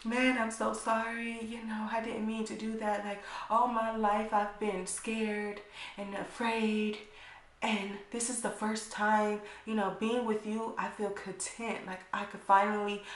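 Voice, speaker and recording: A woman's voice: mid-range voice, little pitch movement, a little slow, roomy sound, pitched above the performer's own voice, close to an everyday voice. A woman retelling a scene, briefly voicing a remorseful, tearful man as he pleads and apologizes. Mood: pleading.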